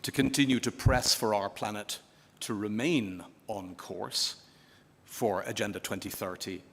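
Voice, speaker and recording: Man giving a dry, measured speech. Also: on the low side, fairly even intonation, vocal fry, breathy edge. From Ireland. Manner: measured, dry storytelling with pauses. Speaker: UN official giving closing remarks. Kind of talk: formal closing speech with humor. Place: conference hall. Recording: long hall reverb.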